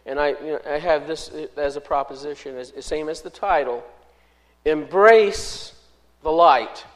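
A man preaching an expository sermon as pastor, measured and emphatic, stressing and repeating key words. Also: fairly high pitch, fairly even intonation, low-quality recording.

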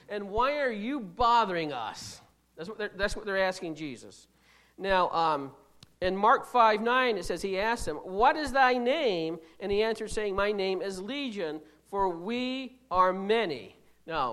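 Emphatic preacher with restarts. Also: mid-range voice. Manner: emphatic, rhetorical questions to the congregation; swings between loud stresses and quiet asides. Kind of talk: sermon.

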